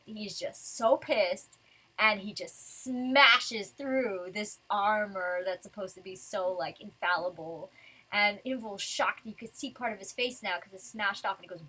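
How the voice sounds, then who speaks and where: Excitable young woman with a bright voice. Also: mid-range voice, slightly rough. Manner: rambling, excitable fan commentary with casual swearing. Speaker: manga reviewer. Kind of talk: casual spoken review.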